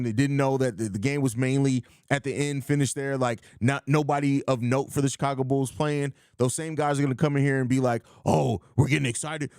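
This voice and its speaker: A man's voice: medium pitch, a little mellow, clean tone, dry recording, clean studio sound. A man hosting a live post-game podcast in casual chat, blunt and emphatic, reading out viewer comments. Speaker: podcast host.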